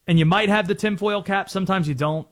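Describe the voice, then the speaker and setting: A man's voice: sits high, quick pace, a bit bright. A man from North Carolina hosting sports talk radio, chatty and self-aware as he explains his on-air bits.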